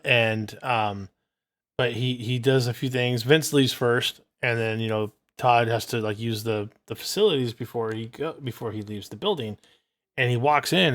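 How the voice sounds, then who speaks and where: Dude telling a story on a wrestling podcast, punchy bright voice, eager. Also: male voice, medium pitch. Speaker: podcast co-host. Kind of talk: casual wrestling chat.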